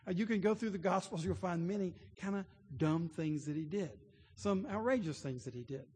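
A man's voice: sits high, normal speed, a little mellow, husky. A man preaching a sermon, telling stories earnestly and building to emphatic points. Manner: earnest storytelling, rising to emphatic. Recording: long hall reverb.

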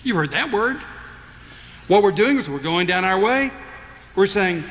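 Male pastor, fairly high bright voice, lively sermon delivery, large echoing church. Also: a little slow, a little hiss or hum. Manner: animated preaching, acting out voices of the congregation.

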